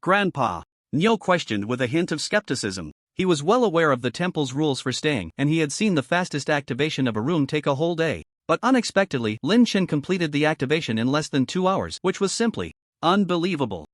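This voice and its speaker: A man's voice: a little high, sing-song, a little fast, no echo, clean studio sound. A man reading a recap story aloud as a narrator in scripted narration.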